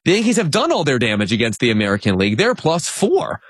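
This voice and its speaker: A man's voice: mid-range voice, fast talker, slightly rough, no echo. A man reading baseball numbers in a conversational sports talk, often laughing while he talks. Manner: laughs through stats, animated. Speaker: baseball analyst.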